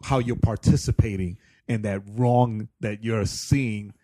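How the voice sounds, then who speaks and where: A man's voice: on the low side, fairly even intonation, measured pace, mellow, dry recording. A man co-hosting a podcast, chatting casually and earnestly about church. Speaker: podcast co-host.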